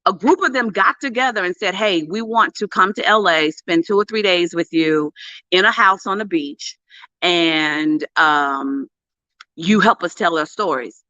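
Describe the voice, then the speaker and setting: A middle-aged woman and PR coach telling a story to camera in a casual, animated way, with emphatic bursts and hushed asides. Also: on the low side, measured pace, no room sound. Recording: dull lo-fi, dry sound.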